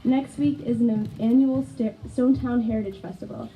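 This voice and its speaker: A woman's voice: a little high, steady tone, normal speed, mellow, slight background noise, poor audio. A woman reading out community event announcements on an outdoor stage, stumbling now and then. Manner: reads from notes, stumbles and corrects herself. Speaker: community calendar reader.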